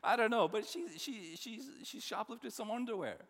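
A man's voice: high-pitched, animated, moderate pace, a bit bright. A man from New Jersey preaching a sermon as pastor, in a conversational style with personal stories and rhetorical questions. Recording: long reverb of a large hall.

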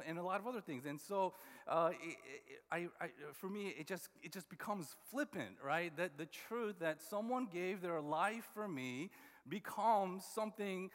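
A man's voice: sits high, normal speed, a bit bright. A man preaching a sermon as a pastor, conversational and full of restarts and repeated words. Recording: long hall reverb.

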